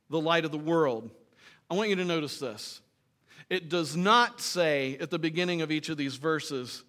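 A man's voice: fairly high pitch, a little slow, fairly bright tone. A man preaching a sermon to his congregation in a conversational way, reading scripture and asking rhetorical questions. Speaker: pastor.

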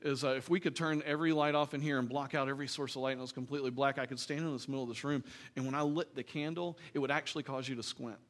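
A man pastor preaching a sermon in a church, earnest and emphatic, dropping into quiet, joking asides. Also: medium pitch, steady tone, rapid-fire, few pauses.

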